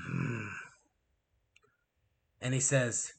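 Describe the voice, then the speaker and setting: A man's voice: a little high, a little slow, pauses often. A man in his thirties narrating a tabletop game as game master, telling it in a loose, filler-heavy way. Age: 30s. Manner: lively, filler-heavy storytelling.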